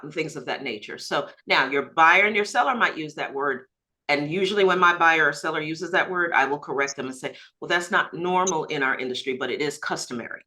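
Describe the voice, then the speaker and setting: A woman broker leading a group training on a video call, emphatic and lively, laughing easily as she coaches agents. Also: low-pitched, normal speed, rough recording.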